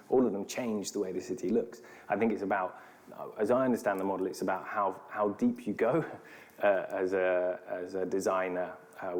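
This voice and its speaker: Low-voiced man answering thoughtfully. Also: darkish tone. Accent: British English. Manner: thoughtful, measured, with hesitations. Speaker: city architect, guest speaker. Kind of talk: answering audience questions.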